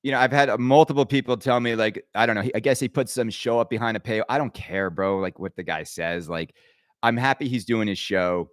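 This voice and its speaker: A man's voice: on the low side, a little fast, no room sound, clean studio sound. A man hosting his own podcast, ranting his opinions emphatically and rambling, with frequent stammered restarts. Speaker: podcast host.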